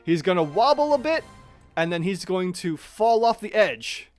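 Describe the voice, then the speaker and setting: A man's voice: sits high, sing-song, normal speed, no echo, soft background music. A man narrating a tabletop monster battle as game master, chatty and thinking aloud as he checks the rules.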